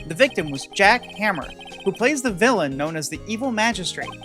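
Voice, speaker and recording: Woman doing a measured TV news anchor. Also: medium pitch, music in the background, natural voice. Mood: formal. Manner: measured, even newsreader delivery.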